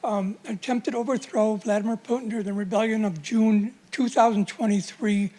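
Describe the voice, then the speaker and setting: A woman of middle pitch speaking up from the audience at a lecture. Her question is informal and loosely wanders from point to point. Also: fairly even intonation, moderate pace, mellow. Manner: informal, meandering. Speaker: audience member asking a question.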